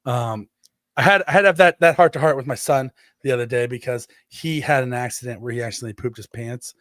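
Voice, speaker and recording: A man in his thirties co-hosting a podcast, telling stories in an animated way, acting out quotes and swearing freely. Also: mid-range voice, fairly quick, no room sound, clean studio sound. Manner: animated storytelling, acts out quotes in exaggerated voices, swears freely. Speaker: podcast co-host. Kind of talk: casual chat.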